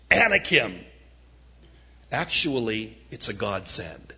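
A male pastor preaching a sermon, acting out Bible quotes with a sudden lift in pitch and loudness. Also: lively intonation, slow, breathy edge. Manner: dramatic, voices Bible quotes with rising pitch and volume. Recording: dull lo-fi sound.

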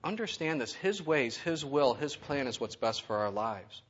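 A man's voice: medium pitch, animated, moderate pace, breathy edge, dull audio. A man preaching a sermon to his congregation, conversational and full of rhetorical questions. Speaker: pastor.

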